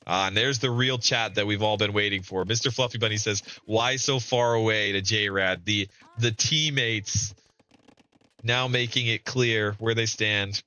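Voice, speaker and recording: A man with a bright, forward voice talks through a community strategy match. He commentates casually and reads out players' chat with amused chuckles, close to a desk mic. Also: lowish voice, steady tone, unhurried, clean tone. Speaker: streamer.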